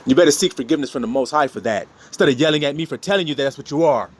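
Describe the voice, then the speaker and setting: A man's voice: fairly high pitch, very fast, slight background noise. A man delivering a blunt, profane preachy monologue, rebuking his listeners and mocking them in put-on voices. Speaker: online preacher.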